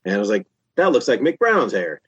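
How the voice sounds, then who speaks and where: A man in his fifties, a podcast guest, telling a long story in a casual, animated way with lots of restarts. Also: mid-range voice, brisk, husky, no echo, lo-fi sound. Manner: animated, chatty, many restarts.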